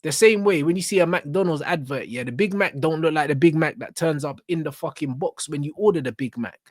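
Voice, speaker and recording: A young man ranting in reaction commentary, blunt and full of street slang and swearing. His voice sits a little high. The sound is dry and close. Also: a little fast, no echo. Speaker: reaction channel host.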